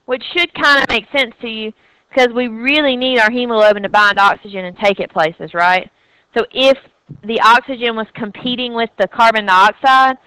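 A woman's voice: a little high, sharp tone, clear, resonant tone, no echo, low-quality recording. A woman with a Southern US accent giving an anatomy and physiology lecture, chatty and checking in with students with a frequent "okay?". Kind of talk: recorded classroom lecture.

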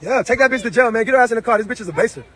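A frustrated man shouting in a heated argument, repeating himself over and over. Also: extremely high pitch, animated, very fast, husky. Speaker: homeowner arguing with police.

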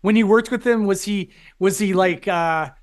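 A man hosts a podcast interview, nudging his guest along with short questions and interjections. His voice sits notably high for a man. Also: normal speed. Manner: brief prompting questions and interjections. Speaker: podcast host.

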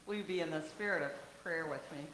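A woman pastor leading worship, speaking in a calm, unhurried way. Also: low-pitched. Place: church sanctuary. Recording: echoey church with noise.

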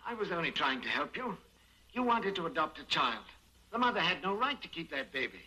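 A cornered, crooked doctor. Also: male voice, a little high, very animated, fairly quick, pushed and bright, heavily acted. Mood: panicked. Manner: smooth, then pleading and panicky. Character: oily doctor running a baby-selling racket, cornered. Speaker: film actor. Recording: old 1930s film soundtrack with faint noise.

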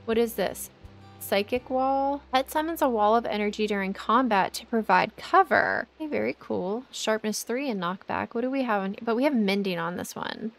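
A woman's voice: fairly high pitch, normal speed. A young woman, hosting a casual gameplay let's play, chatty and easily distracted, exclaiming often. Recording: light background music.

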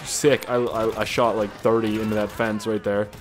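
A man giving casual, rambling gameplay commentary, excitable and swearing often. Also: lowish voice, normal speed, slight background noise. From Canada. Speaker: gaming YouTuber.

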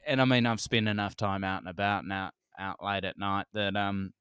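A man in his forties with a New Zealand accent, a comedian telling stories as a podcast guest, animated, laughing often and swearing freely. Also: on the low side, fairly quick, clear, resonant tone, dry recording, clean studio sound. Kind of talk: casual conversation.

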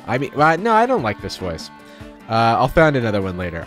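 A man's voice: mid-range voice, huge pitch swings, a little fast, fairly bright tone, faint music behind. A man hosting a live stream, chatting casually and jokingly while playing a game. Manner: chatty and jokey, lots of fillers. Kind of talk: casual gameplay commentary.

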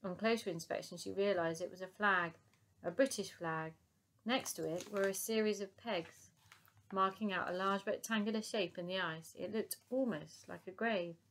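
A woman narrating a children's book aloud in a calm, even storytelling manner. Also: medium pitch, normal speed, slight background noise.

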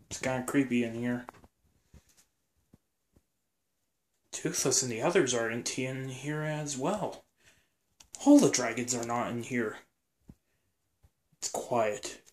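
A man's voice: medium pitch, slight background noise, close to an everyday voice. A man voicing a brave, curious dinosaur in a homemade toy adventure, jumpy and talking to himself. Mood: uneasy. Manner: jumpy, talks to himself, shouts when startled.

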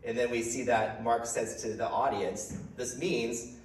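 A man's voice: medium pitch, fairly even intonation, measured pace, distant mic. Roomy, off-mic conversational male preacher. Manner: conversational, repeats words as he goes, laughs lightly. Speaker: pastor. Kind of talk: sermon. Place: church hall. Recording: roomy hall sound from off-mic.

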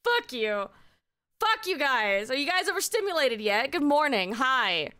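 A woman streaming live and chatting casually, excitable and heavily profane, her voice still recovering from strain. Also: high voice, a little slow.

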